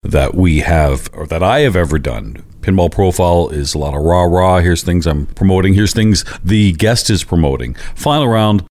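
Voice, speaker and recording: A man's voice: deep voice, moderate pace, hardly any pauses, a little mellow. A man with a Canadian accent co-hosting a podcast, chatting casually, joking and swearing. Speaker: podcast co-host. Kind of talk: casual chat.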